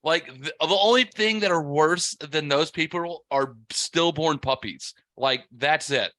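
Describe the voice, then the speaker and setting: A man's voice: on the high side, a little slow, bright, forceful tone, no room sound. A man hosting a podcast, riffing and joking with lots of swearing. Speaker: podcast host. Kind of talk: casual podcast chat.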